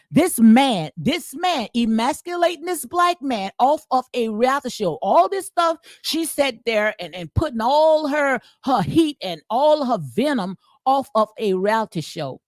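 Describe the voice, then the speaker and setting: A woman's voice: fairly high pitch, no room sound, studio quality. A middle-aged woman hosting casual commentary, emphatic and colloquial, repeating phrases and tagging lines with "okay?" in a preacher-like cadence. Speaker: commentary channel host. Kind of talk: casual commentary reading and reacting.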